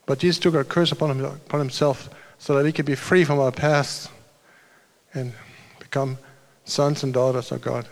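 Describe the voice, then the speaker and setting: A man's voice: mid-range voice, steady tone, moderate pace, vocal fry. A man preaching a sermon as a pastor, telling a story in a loose, conversational way with restarts and asides.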